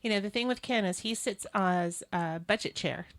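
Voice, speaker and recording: A woman's voice: medium pitch, normal speed. A woman hosting a political talk show, speaking in an earnest, opinionated, conversational way. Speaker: host.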